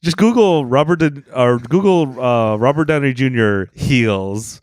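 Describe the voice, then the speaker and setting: A man with a mid-range voice co-hosts a comedy podcast, speaking with facetious, deadpan irony. The recording is dry and close-miked. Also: mid-range voice, unhurried, dry recording. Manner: deadpan, facetious ironic delivery. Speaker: podcast co-host. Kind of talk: casual comedic chat.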